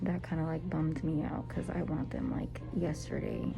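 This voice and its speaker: A woman's voice: low-pitched, fairly even intonation, moderate pace, vocal fry, over loud music, poor audio. A young woman vlogging in a casual, chatty way, full of "like" and "y'all", with a nervous edge at times. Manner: chatty and informal, lots of "like" and "y'all". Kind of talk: casual chat. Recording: loud road and car noise.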